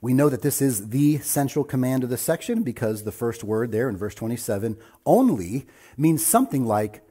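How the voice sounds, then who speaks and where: A male pastor preaching a sermon, his voice husky and mellow. He talks earnestly and presses hard on his key points. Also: mid-range voice, expressive, moderate pace.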